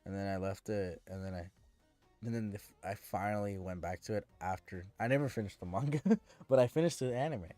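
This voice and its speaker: A man's voice: lowish voice, a little fast, warm tone, no echo, faint music behind. A man streaming and chatting casually with viewers, ranting in an exasperated way and often restarting his sentences.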